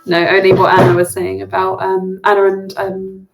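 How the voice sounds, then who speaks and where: A woman's voice: mid-range voice, monotone, moderate pace, vocal fry, over music. A woman running a tabletop game, recapping and narrating in a chatty manner with many fillers, heard over a video call. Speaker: game master. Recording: echoey room.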